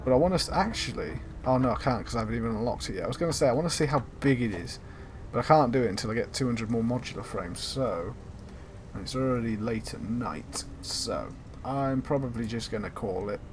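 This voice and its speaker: A man's voice: medium pitch, animated, brisk, noisy background. A young man hosting his gaming channel, chatting casually over gameplay in a rambling way, full of ums and the odd swear word. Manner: rambling, filler-heavy, sweary.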